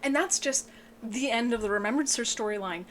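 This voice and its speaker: Excitable, swearing woman reviewing books. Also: brisk, a little hiss or hum. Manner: excitable, swears a lot, voice breaks into high yelps. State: tearful. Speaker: book reviewer. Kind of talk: emotional casual book review.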